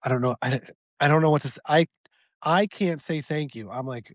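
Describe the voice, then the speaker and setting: A man co-hosting a podcast, grumbling about small talk and muttering low when he quotes himself. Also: normal speed, dry recording. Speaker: podcast co-host. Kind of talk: casual chat.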